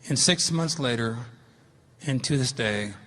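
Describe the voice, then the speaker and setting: A man's voice: mid-range voice, measured pace, a bit bright. A middle-aged man giving a public lecture with slides, earnest and emphatic as he tells a story. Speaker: speaker giving a talk. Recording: long hall reverb.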